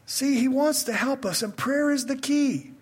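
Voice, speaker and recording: A man's voice: extremely high pitch, a little slow, slightly rough. A male pastor preaching a sermon in a conversational style that builds to emphatic questions.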